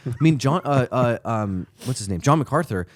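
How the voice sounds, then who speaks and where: A man co-hosting a church podcast, telling stories in casual chat with an emphatic, animated manner. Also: medium pitch, moderate pace, dry recording.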